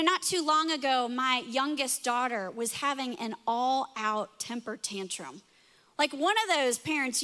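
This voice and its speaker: Bright, high-voiced woman preaching a sermon. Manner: animated storytelling, acting out voices in quotes. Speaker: pastor.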